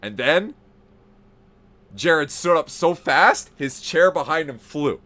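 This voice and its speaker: A man telling a story on a podcast in casual, profane style, growing animated as it builds. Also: on the high side, takes it slowly. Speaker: podcast host.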